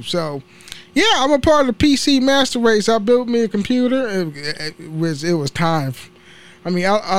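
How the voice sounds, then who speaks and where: A man's voice: high voice, dry recording. A young man hosting a casual solo podcast, rambling and swearing freely, often laughing at his own slips. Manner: rambling, profane, laughs at himself. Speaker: podcast host.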